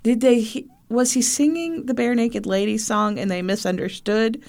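A Midwestern woman co-hosting a podcast, chatting casually, laughing a lot and teasing with quick reactions. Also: on the high side, steady tone, darkish tone. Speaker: podcast co-host. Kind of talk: casual chat.

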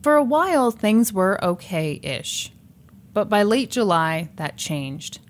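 Animated woman telling a crime story. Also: mid-range voice, slow. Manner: animated, laughs often, swears casually. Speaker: podcast host telling a true crime story. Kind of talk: casual storytelling chat.

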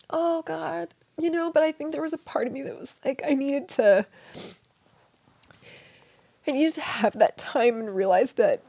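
Soft, halting woman, dry close sound. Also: sits high, gravelly, husky, dry recording. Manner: soft-spoken, halting, drops into whispers. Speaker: interview guest. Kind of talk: emotional personal storytelling.

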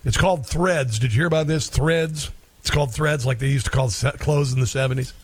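A man's voice: mid-range voice, fairly quick, husky, dry recording. A middle-aged man hosting a talk radio show in a rambling, sarcastic, folksy monologue.

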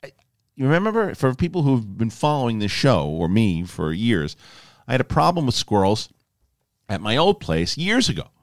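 Male podcast host, casual storytelling, lively swooping delivery, dry close sound. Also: mid-range voice, moderate pace, no room sound. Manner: animated, emphatic, swears freely.

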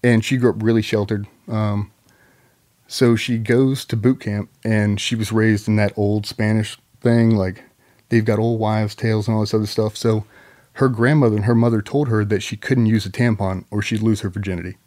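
A man's voice: fairly low pitch, moderate pace. A man, a guest on a podcast, telling casual stories about his wife with swearing and mock voices. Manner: swearing, animated anecdotes; does loud mock voices when quoting his wife. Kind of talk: casual storytelling.

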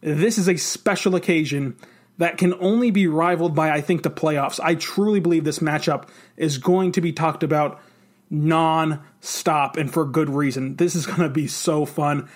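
Excited male football podcast co-host, slightly higher voice, rapid rambling delivery. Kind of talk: casual sports talk.

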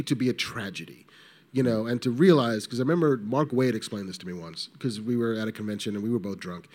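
Man, panel host, casual talk, passionate, profane. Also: medium pitch. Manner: swears freely, passionate, animated.

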